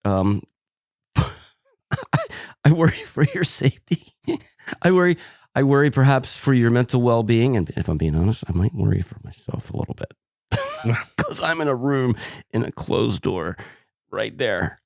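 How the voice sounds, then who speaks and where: A man's voice: medium pitch, very animated, unhurried, creaky, pauses often, a little mellow, dry recording, studio quality. A man co-hosting a podcast in casual banter, joking, laughing often and adding theatrical asides. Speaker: podcast co-host.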